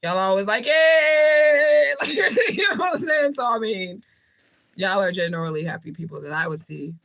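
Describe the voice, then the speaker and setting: A woman's voice: on the low side, a little fast, vocal fry, fairly bright tone. A woman hosting a livestream, chatting casually and answering viewer comments in a blunt, heavily profane, jokey way with frequent laughter. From United States. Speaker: livestream host, spiritual reader.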